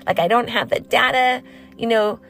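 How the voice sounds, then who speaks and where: A woman's voice: a little high, moderate pace, creaky, a bit bright. A young woman giving a casual devotional talk and reading scripture aloud. She is chatty, laughs easily and uses many fillers. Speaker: faith vlogger.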